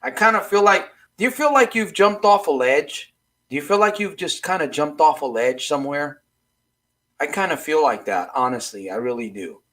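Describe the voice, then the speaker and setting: A man's voice: fairly high pitch, expressive, normal speed, fairly bright tone. A man coaching live on a broadcast, talking loosely, repeating questions to his viewers and often restarting his sentences. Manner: rambling, repeats questions to the audience, frequent restarts. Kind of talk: casual motivational livestream talk.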